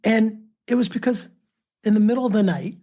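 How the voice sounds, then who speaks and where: A man's voice: high voice, brisk, dark tone. A man in his fifties, a father and author, telling stories as a guest in a casual podcast interview. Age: 50s. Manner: anecdotal, acts out quoted voices.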